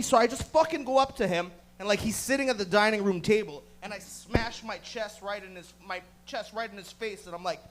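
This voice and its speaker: High-voiced, profane stand-up comic. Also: male voice, brisk, few pauses, a bit bright. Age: 30s. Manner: profane, rowdy storytelling. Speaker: stand-up comedian. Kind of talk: stand-up comedy. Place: comedy club stage.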